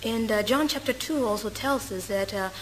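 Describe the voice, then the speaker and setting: A woman's voice: fairly high pitch, normal speed, a little hiss or hum. Hesitant woman interpreting a sermon. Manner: hesitant, many uh fillers and self-corrections. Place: church hall. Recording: reverberant hall, faint ambience.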